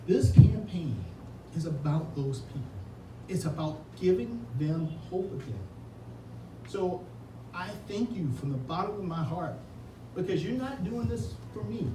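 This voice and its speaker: Earnest male candidate, tearful campaign speech, slightly high voice, heard from far off with ambient noise. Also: lively intonation, a little slow. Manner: earnest, heartfelt, repeats words when moved. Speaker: political candidate. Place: indoor reception room. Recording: echoey room, distant mic, ambient noise.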